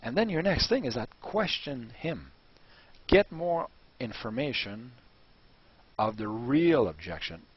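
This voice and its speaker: A man teaching a coaching lesson on negotiation, animated and acting out small dialogues as he explains. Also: medium pitch, slow pace. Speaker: business coach. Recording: dull lo-fi recording.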